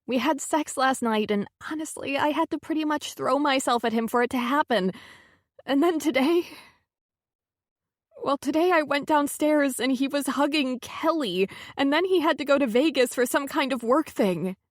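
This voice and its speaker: A woman playing a tearful, halting young heroine. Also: high voice, no room sound, clean studio sound, pitched above the performer's own voice, lightly acted. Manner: halting, broken phrases.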